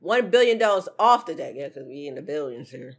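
A woman giving casual, excitable reaction commentary on stream clips, laughing often. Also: low-pitched, fairly quick, creaky, husky.

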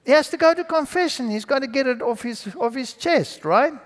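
A man giving his personal testimony to an audience, telling the story in an animated, dramatic way. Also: very high-pitched, fairly quick. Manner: animated, dramatic storyteller who acts out dialogue. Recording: long hall reverb.

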